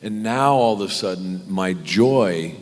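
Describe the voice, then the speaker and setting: A man, a guest actor on a convention panel, telling an animated, self-deprecating anecdote with many restarts. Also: deep voice, unhurried. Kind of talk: anecdotal storytelling. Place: large convention hall panel. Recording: echoey convention hall.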